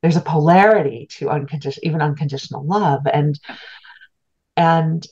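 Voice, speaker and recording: Speaking at a moderate pace, a middle-aged woman with a notably low, husky, slightly mellow voice recounts a personal story as an interview guest. She's a spiritual teacher, earnest, heartfelt and reflective, and the recording is somewhat muffled and lo-fi.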